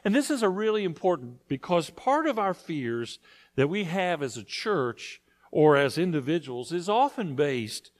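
A man's voice: fairly high pitch, very animated, moderate pace. A male pastor preaching a conversational sermon to his congregation, often asking them questions. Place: church sanctuary.

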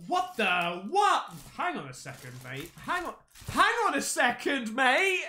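A man hosting an excited unboxing chat, excitable, with loud exclamations, calling everyone mate. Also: very high voice, a little slow, slight background noise. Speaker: paranormal YouTuber.

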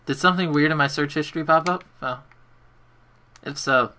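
A man's voice: fairly high pitch, normal speed, sharp tone. A man chatting casually on a gaming livestream, rambling to himself as he plays and talking with a friend on a call. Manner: rambling, talks to himself while playing. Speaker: streamer.

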